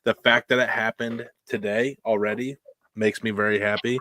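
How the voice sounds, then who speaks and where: A podcast co-host with a lowish voice tells a story at a moderate pace in a casual chat, animated throughout and acting out the voices of the people he quotes.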